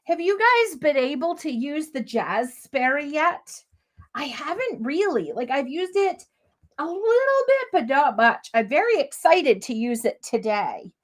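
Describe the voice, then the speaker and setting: A woman's voice: high voice, big pitch swings, a little slow. A woman hosting a live crafting demo, chatty and gushing, talking straight to her viewers as she works. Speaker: crafting livestream host.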